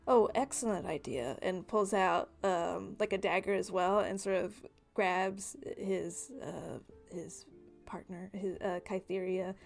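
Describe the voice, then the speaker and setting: A woman's voice: lowish voice, level tone, takes it slowly, vocal fry, faint music behind. A woman narrating a tabletop game as game master, speaking casually with lots of fillers.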